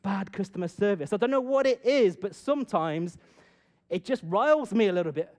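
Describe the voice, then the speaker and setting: A middle-aged man tells a story to a room and draws a gentle lesson from it. His voice sits a little high and leaps about, jumping from loud bursts down to near-whispered asides. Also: moderate pace. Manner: animated, swings from loud bursts to hushed asides. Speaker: speaker addressing an audience. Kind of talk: storytelling talk with a moral.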